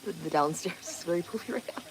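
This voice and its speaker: A woman's voice: on the low side, fast. A woman hosting a casual livestream outdoors by a pond, rambling, swearing now and then and answering viewer comments aloud. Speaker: livestream host. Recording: outdoor noise in background.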